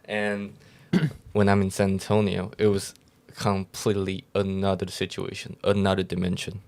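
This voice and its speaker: A young man with a low, gravelly voice, not a native English speaker, rambling through a story on a casual podcast. He restarts his sentences often and keeps a relaxed, chatty pace. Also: moderate pace. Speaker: podcast co-host.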